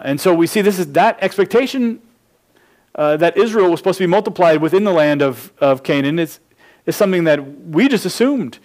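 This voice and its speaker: A man's voice: fairly high pitch, darkish tone. Man preaching a verse-by-verse sermon. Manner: explanatory, numbered points, frequent restarts. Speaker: pastor.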